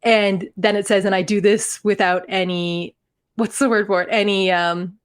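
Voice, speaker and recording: A woman in her thirties from Canada, co-hosting a podcast and telling stories in a casual, animated way with frequent laughs. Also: medium pitch, normal speed, smooth. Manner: animated storytelling, laughs often. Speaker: podcast co-host. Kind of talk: casual chat.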